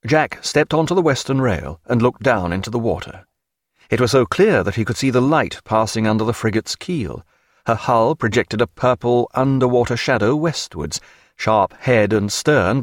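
A man reads a novel aloud in a measured, expressive way. His pitch moves a lot across each line. The recording is dry and close. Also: dry recording. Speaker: narrator. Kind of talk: audiobook narration.

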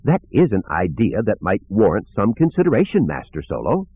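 A man's voice: fairly low pitch, wildly swooping pitch, a little fast, slightly rough, full character voice. A man voicing a fussy, overly formal male protocol droid, prim and anxious. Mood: fussy, eager. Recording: narrow phone-like sound.

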